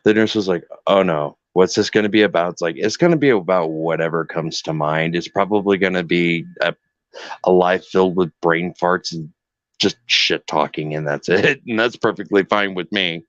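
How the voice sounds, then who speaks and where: A man with a low voice chats as a guest over a muffled, lo-fi online call. He tells stories with energy, slips into the voices of the people he quotes, and swears freely. The sound is dry and close. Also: normal speed, no room sound. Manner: animated storyteller, acts out dialogues, swears freely. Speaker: guest caregiver. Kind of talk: casual chat.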